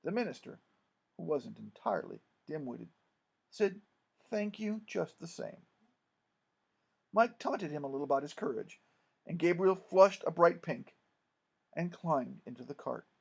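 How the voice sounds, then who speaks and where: A man narrating an audiobook with lively, expressive storytelling. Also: on the high side, normal speed, creaky, breathy edge.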